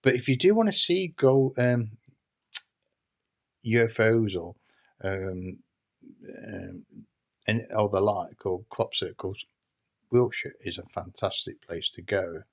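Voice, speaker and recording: A man's voice: on the low side, lively intonation, slow pace, vocal fry, pauses often. Rambling man, dull lo-fi sound. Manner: hesitant and rambling, frequent restarts. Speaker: storyteller. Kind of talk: casual anecdotal storytelling. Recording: dull lo-fi recording.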